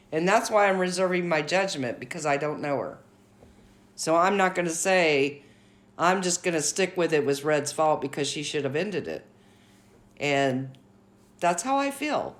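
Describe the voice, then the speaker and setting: A woman hosting her own commentary vlog, giving blunt, outspoken opinions in a casual talking style. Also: fairly low pitch. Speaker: commentary channel host.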